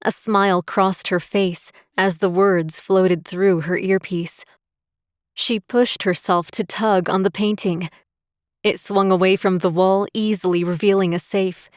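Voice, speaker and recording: A woman narrating a romantic suspense audiobook in a steady, measured way. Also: medium pitch, smooth, no room sound, studio quality. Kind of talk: scripted narration.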